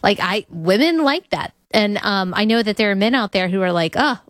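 A woman's voice: medium pitch, animated, normal speed, dry recording, clean studio sound. A woman hosting a conversational interview, speaking earnestly and with conviction about her views. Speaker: podcast host.

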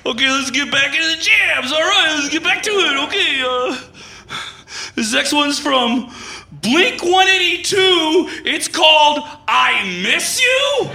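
A man playing a dumped young radio DJ who rants in bursts and keeps cracking between shouting and near-tears, in a comic monologue. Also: very high-pitched, lively intonation, unhurried, gravelly, echoey room, noisy background, full character voice. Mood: unravelling. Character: heartbroken young male rock radio DJ, ranting.

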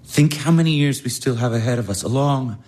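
A man's voice: medium pitch, a little fast, a little mellow, natural voice. An actor in his twenties playing an earnest young baron pleading his love. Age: 20s. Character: earnest young male baron, lovesick suitor. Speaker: baron, suitor. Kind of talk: stage drama acting.

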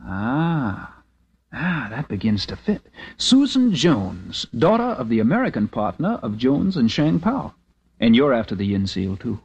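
An actor with a husky voice playing a confident, wry American adventurer in an old-time radio drama. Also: male voice, medium pitch, wildly swooping pitch, unhurried, full character voice. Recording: dull lo-fi vintage radio broadcast.

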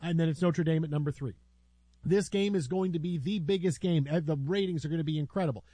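A man hosting a sports radio talk show, emphatic and animated, repeating phrases for effect. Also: on the high side, quick pace, no room sound.

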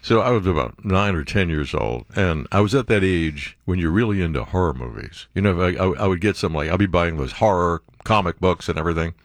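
A man's voice: low-pitched, lively intonation, brisk, hardly any pauses, dry recording, studio quality. A man, a talk radio host telling a rambling story full of fillers. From the Bronx, New York.

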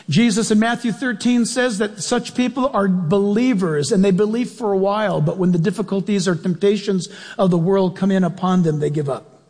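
A man preaching a sermon in a church, animated, acting out quotes and questioning his congregation. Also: sits high, normal speed, long reverb tail.

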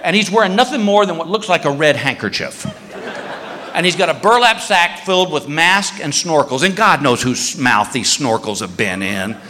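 A man tells a stand-up story from the stage, his high voice bouncing around with lively swings. His tone is bright and forceful as he acts out each person. The hall rings with a long reverb. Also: moderate pace, a little hiss or hum. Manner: animated, acting out voices and screams. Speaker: stand-up comedian. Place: comedy stage before a live audience. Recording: echoey venue with long reverb.

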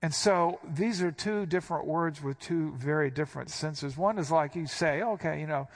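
In an expository sermon, a pastor with a higher voice talks at normal speed and hardly pauses. His teacherly delivery is emphatic, driving home key words and pushing quoted words up sharply.

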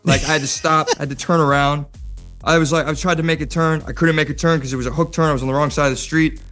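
An American actor speaking as an interview guest, laid-back and playful, with casual slang and many fillers. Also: male voice, fairly high pitch, steady tone, quick pace, a bit bright, faint music behind.

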